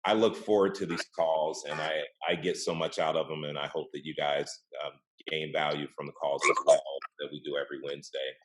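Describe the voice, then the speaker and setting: Deep-voiced man hosting a group call. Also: brisk, hardly any pauses, a little hiss or hum. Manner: relaxed, encouraging, with filler words. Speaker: host of a weekly real estate group call. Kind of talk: casual coaching on a group video call. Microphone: video call.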